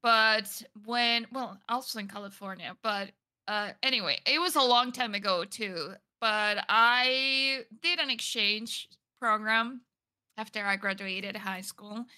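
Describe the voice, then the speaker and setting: A woman's voice: medium pitch, a little slow, sharp tone, clean tone. A young woman from Venezuela with a Spanish accent, telling stories in casual chat with lots of fillers. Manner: chatty storyteller with frequent fillers and laughs.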